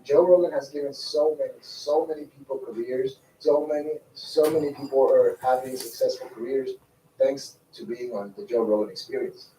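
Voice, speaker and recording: A man narrates a commentary video, hammering home his points by repeating phrases. His voice sits at an ordinary pitch. It comes from a distance in a roomy space, with clear noise underneath. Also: steady tone, normal speed, warm tone. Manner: emphatic, repeats phrases for stress.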